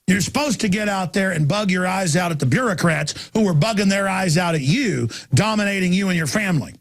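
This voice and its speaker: A man hosting a talk radio show, delivering an impassioned ranting monologue that swings from shouts down to low murmurs. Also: animated, a little fast.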